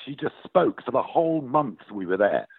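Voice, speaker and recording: A middle-aged actor from Northern England, chatting casually as an interview guest and telling stories with frequent laughs. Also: male voice, medium pitch, moderate pace, vocal fry, slightly rough, dry recording. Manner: animated storytelling, laughs often. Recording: tinny phone-like line, dry.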